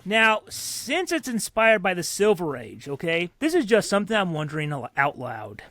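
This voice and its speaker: High-voiced chatty man podcaster. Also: huge pitch swings, moderate pace, sharp tone, dry recording. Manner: chatty, rambling with fillers and restarts. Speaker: podcast co-host. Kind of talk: casual chat.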